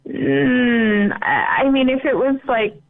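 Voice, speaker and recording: A woman's voice: a little high, sing-song, takes it slowly, vocal fry. A woman joining a radio talk show as guest co-host, agreeable and giggly. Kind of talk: casual chat. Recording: tinny phone-like line.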